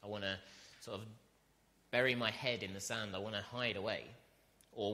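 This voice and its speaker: A man preaching a sermon, earnest and direct, asking his listeners questions and building to loud, emphatic peaks. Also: on the low side, normal speed, pauses often. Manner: asks the congregation rhetorical questions.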